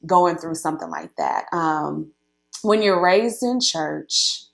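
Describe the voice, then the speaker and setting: Chatty woman with a gravelly edge. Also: low voice, slow pace. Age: late 30s. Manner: animated, laughs often, many fillers. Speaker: guest. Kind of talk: casual conversational storytelling.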